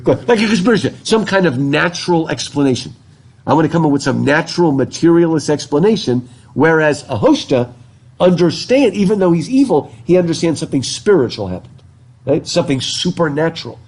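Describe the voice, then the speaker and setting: A man's voice: on the high side, animated, fairly quick, darkish tone. A man teaching a literature class in a casual lecture style, chatty, asking his students questions and restarting his sentences with repeated words. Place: classroom, recorded live. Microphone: through a face mask.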